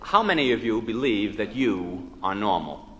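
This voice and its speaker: Lively joking male lecturer in a hall. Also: on the low side, normal speed. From United States. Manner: joke-telling, quizzing the audience with rhetorical questions. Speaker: psychologist lecturer. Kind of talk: humorous live lecture. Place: lecture hall before an evening audience. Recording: 1961 live lecture LP with hall reverb and faint noise.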